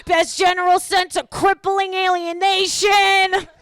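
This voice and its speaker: A woman voicing a pushy New York relative who rants fast and swears between boasts. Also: very high voice, level tone, a bit bright, dry recording, studio quality, pitched above the performer's own voice, exaggerated voice. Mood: boastful. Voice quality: rapid, swearing, boastful patter. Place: comedy club stage.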